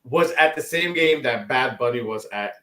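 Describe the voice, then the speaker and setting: A man with a mid-pitched voice co-hosts a podcast in relaxed, casual chat. He laughs easily, hesitates with lots of fillers, and the room sounds echoey. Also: moderate pace. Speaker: podcast co-host.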